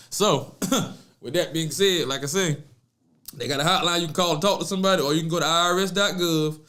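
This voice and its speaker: Casual podcast host, middle-aged man, slightly high voice, slangy and chatty. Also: fairly bright tone. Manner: loose, slangy and chatty, calls listeners "baby"; jokes with his producer. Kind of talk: casual advice talk.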